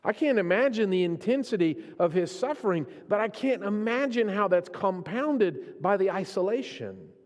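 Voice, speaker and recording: A man preaching a sermon in a church, his delivery swinging between hushed, slow stretches and raised, impassioned ones. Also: high-pitched, sing-song. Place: church sanctuary. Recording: long reverb of a church hall.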